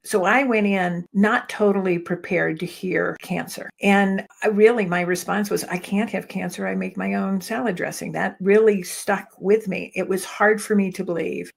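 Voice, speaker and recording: A middle-aged woman telling her own story as an interview guest, earnest and measured, building her points through repeated phrases. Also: fairly low pitch, gravelly. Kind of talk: reflective conversational storytelling.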